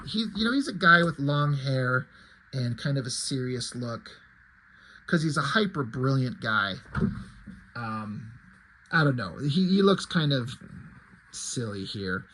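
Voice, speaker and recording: A man's voice: medium pitch, sing-song, measured pace, fairly bright tone, a little hiss or hum, rough recording. A man casually reviewing a comic book, chatty and rambling with plenty of fillers.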